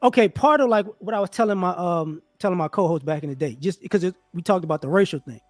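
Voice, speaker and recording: Animated high-voiced man arguing boxing. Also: quick pace, no room sound, faint music behind. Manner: animated, rhetorical, acts out quoted people. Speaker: co-host. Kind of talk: casual debate about boxing.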